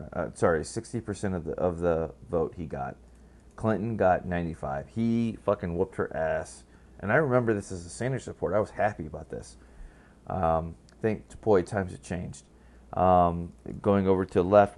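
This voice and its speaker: Deep-voiced man giving blunt, profane political talk. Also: a little mellow. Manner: blunt, profane, rambling with many fillers. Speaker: political commentator. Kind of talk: casual political commentary.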